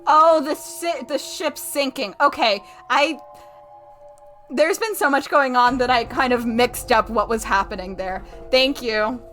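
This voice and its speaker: A young woman streaming a game, excitable and swearing, laughing and talking back at the characters. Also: sits high, a little slow. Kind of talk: casual let's-play commentary. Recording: faint game music underneath.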